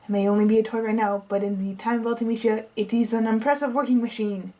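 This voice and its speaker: A woman's voice: on the high side, steady tone, quick pace, warm tone, close to an everyday voice, rough recording. A woman reading out the lines of a pompous, eccentric male scientist as he lays out a long plan, with a half-tried put-on accent she keeps dropping. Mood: boastful. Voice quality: tries a put-on accent and drops it. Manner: reads long exposition aloud. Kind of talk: reading game dialogue aloud.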